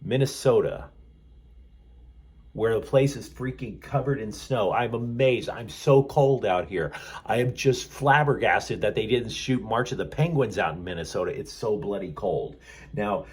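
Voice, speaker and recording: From a hotel room, a sports channel host rambles through a sarcastic commentary monologue laced with sardonic asides. He sounds low-pitched, animated and slightly rough, speaking at a measured pace.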